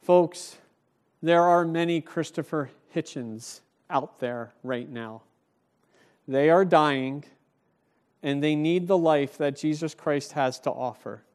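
A man's voice: on the high side, takes it slowly, smooth. A man preaching a sermon, retelling a story and driving home each point with emphasis. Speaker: pastor.

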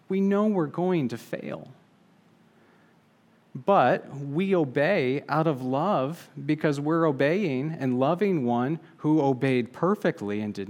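A man preaching a sermon in an earnest, measured way, slowing down to stress key phrases. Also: fairly high pitch, a little mellow.

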